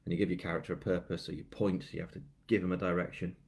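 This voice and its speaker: A man's voice: sits low, level tone, quick pace, creaky, a little mellow. A British man, a crime novelist, chatting casually and rambling on a live book launch, with many fillers and a self-mocking tone. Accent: British English. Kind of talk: casual live-stream chat.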